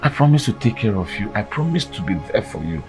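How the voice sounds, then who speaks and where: A man's voice: on the low side, very animated, fast, darkish tone, faint music behind, low-quality recording. A man playing a young gateman who laments his poverty and pleads humbly. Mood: despairing. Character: despairing poor young husband. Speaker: gateman and husband.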